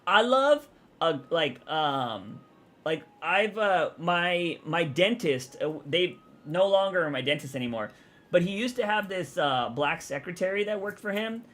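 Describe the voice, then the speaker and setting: A man's voice: high-pitched, animated, a little slow, a bit bright. A man from Texas, rambling casually as he answers chat on his live stream. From Texas, USA.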